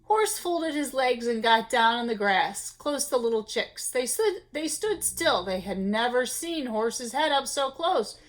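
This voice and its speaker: A woman reads a children's picture book aloud, playful and expressive. Her voice is high and swoops widely, pitched for young listeners. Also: unhurried, hardly any pauses. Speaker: storyteller. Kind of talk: children's storybook read-aloud.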